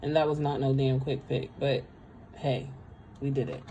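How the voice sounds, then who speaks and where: A woman's voice: a bass voice, fairly even intonation, normal speed, warm tone, a little hiss or hum, low-quality recording. A woman giving a casual livestream tarot reading, chatty and speaking straight to her viewers. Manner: chatty, talks straight to viewers, calls them girl. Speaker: tarot reader.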